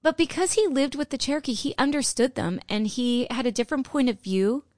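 A woman's voice: sits high, a little fast, a little mellow, dry recording, clean studio sound. A middle-aged woman co-hosting a podcast, chatting and telling a history story. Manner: chatty, laughing, breaks into sung lines. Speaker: podcast co-host.

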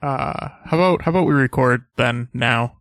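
A man co-hosting a casual podcast, answering his partner with dry, deadpan replies. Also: medium pitch, moderate pace, dry recording. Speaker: podcast co-host.

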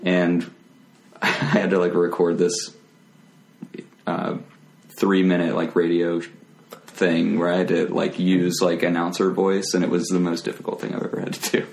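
A man, a guest comedian, chatting casually in a deep, monotone voice. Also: normal speed, gravelly, pauses often. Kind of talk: casual chat.

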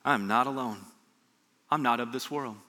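A man preaching a sermon as pastor, animated, swinging between loud peaks and hushed low lines. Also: moderate pace, big-room sound. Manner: animated preaching, voice rising and dropping sharply.

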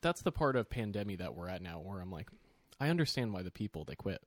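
A man's voice: deep voice, big pitch swings, fast, no echo. A man co-hosting a podcast in casual chat, rambling, trailing off and swearing casually. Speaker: podcast co-host.

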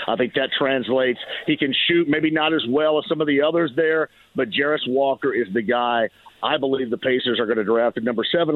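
A man calling in as a sports analyst, giving measured, analytical basketball talk over a phone line. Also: medium pitch, no echo.

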